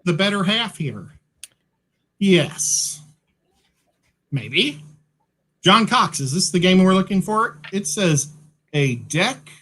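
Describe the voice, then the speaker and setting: Male co-host, chatty and joking, slightly sleepy; lively, bright delivery. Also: high voice, takes it slowly, pauses often. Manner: playful, chatty, joking asides. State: sleepy, yawning. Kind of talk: casual chat.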